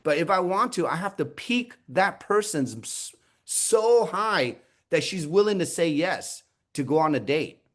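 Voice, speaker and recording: Animated man coaching a team call. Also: a little high, a little slow. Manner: animated, asks many rhetorical questions, acts out sample conversations. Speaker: team leader running a sales training call. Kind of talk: coaching on a group call, calling on people by name.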